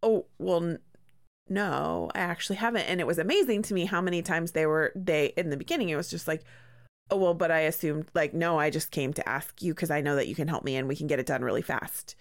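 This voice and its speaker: Woman co-host, lowish voice, thoughtful and measured, casual podcast talk. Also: gravelly. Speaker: practice manager and podcast co-host.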